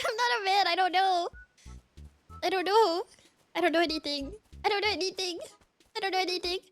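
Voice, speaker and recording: A woman streamer with an extremely high, slightly bright voice chats casually and fairly quickly with her viewers. She giggles a lot and keeps apologizing, with faint game music in the background.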